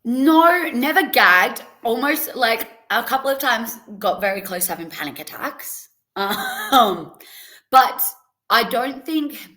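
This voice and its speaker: A woman's voice: a little high, animated, slow, sharp tone. A young adult woman, a podcast guest, chatting casually and telling stories with frequent laughs. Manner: chatty storytelling, laughs often. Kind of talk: casual interview chat.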